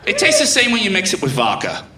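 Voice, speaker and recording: A man doing a stand-up comedy set who teases the audience and apologizes in quick bursts. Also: high-pitched, wildly swooping pitch, reverberant, heavy background noise. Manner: teasing the crowd, quick apologies.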